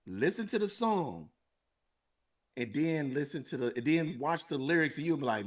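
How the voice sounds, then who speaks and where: A man's voice: mid-range voice, animated, normal speed. A man co-hosting a podcast, telling a long story in a casual, profane, rambling way and laughing between lines. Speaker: podcast co-host.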